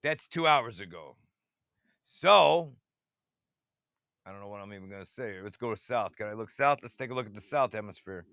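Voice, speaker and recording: A man rambling excitedly through screen-share commentary and talking straight to his viewers, who keeps asking if they see how it works. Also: lowish voice, normal speed, long pauses, no echo, studio quality. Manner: talks to viewers directly, half-mocking. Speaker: radar-watching channel host.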